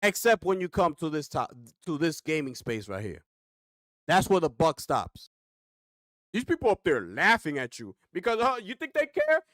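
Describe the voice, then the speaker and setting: A man's voice: on the high side, huge pitch swings, normal speed, a bit bright, dry recording, clean studio sound. A man reacting to a clip on a gaming stream, ranting with rhetorical questions and slang.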